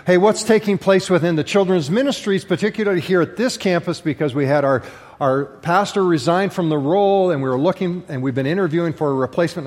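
Pastor, male, higher voice, lively preacher who jokes with the congregation, church hall reverb. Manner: animated storytelling with jokes to the congregation. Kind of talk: sermon.

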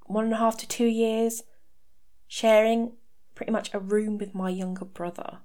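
Recorded on a home podcast mic, a thirtysomething woman talks openly about her life, dropping dry, sarcastic remarks along the way. Her mid-range voice is warm and fairly even, at a moderate pace.

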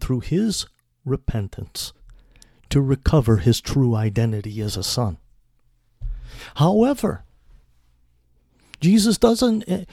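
A man preaching a sermon in a measured, deliberate way. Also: a little high, vocal fry, warm tone, no room sound, studio quality.

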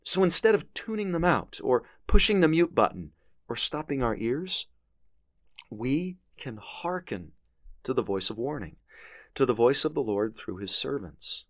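A man's voice: medium pitch, sing-song, unhurried, dry recording, clean studio sound. A man teaching a scripture lesson, reading verses aloud with earnest emphasis. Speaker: religious teacher.

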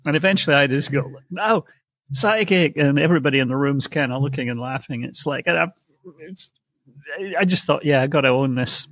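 A man's voice: medium pitch, quick pace, fairly bright tone, dry recording. A middle-aged man guesting as a psychic, telling his story in a hesitant way, with many fillers, restarts and wry chuckles. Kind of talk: conversational storytelling.

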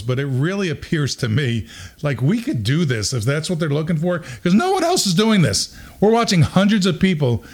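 A middle-aged man hosting a podcast, telling a story in a casual, animated way and acting out quotes with bursts of laughter. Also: medium pitch. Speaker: podcast host.

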